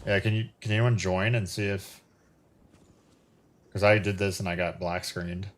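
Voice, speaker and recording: A man streaming a video game live, chatting casually and talking to himself as he plays, with an occasional excited curse. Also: low-pitched, moderate pace. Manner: casual, chatty, talks to himself while playing. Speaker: gaming streamer. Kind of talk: live gameplay commentary.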